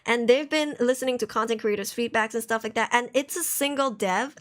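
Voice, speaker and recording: A woman's voice: fairly high pitch, a little fast. A woman streaming live, chatting casually and rambling to her viewers. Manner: chatty, rambling, reacts to chat with mock outrage.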